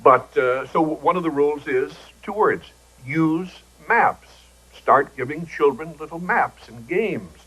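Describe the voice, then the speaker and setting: A man's voice: fairly high pitch, lively intonation, a little slow, few pauses, fairly bright tone, slightly rough, poor audio. An older man, a talk show guest, telling wry joking anecdotes and acting out the voices he quotes, on old broadcast TV audio.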